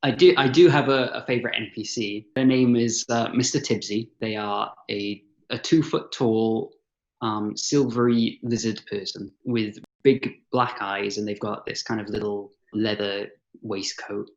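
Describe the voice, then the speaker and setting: A man's voice: lowish voice, fairly even intonation, measured pace, highs cut off. A man talking hesitantly as a guest on a casual podcast chat, often stammering and laughing shyly. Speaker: podcast guest, dungeon master.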